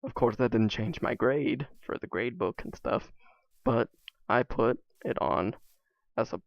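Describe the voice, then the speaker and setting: A man's voice: mid-range voice, measured pace, creaky, no echo, highs cut off. A man vlogging alone, telling stories in a casual, rambling way full of fillers and asides. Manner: rambling, many fillers, self-interrupting asides.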